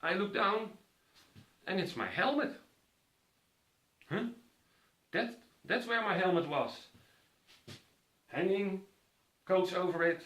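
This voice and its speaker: Bright-voiced man telling a story. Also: high-pitched, takes it slowly, pauses often. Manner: vivid storytelling, acting out voices. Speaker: speaker. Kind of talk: personal story told to an audience. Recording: roomy echo.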